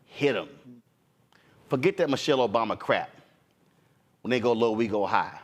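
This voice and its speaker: A man's voice: medium pitch, expressive, normal speed. A man hosting a political talk show, delivering fired-up commentary with a preacher-like cadence and quoting others in mock voices. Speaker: host.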